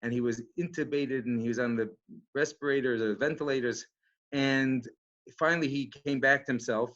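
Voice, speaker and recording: A rabbi speaking in a casual, halting way with many restarts and fillers. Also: male voice, medium pitch, steady tone, a bit bright. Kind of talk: casual talk. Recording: dull lo-fi sound.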